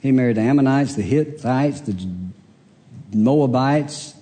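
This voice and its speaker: A man's voice: mid-range voice, unhurried, a crowd in the background. A man preaching a humorous sermon, a folksy storyteller who laughs along with his own jokes. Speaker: pastor. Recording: long hall reverb.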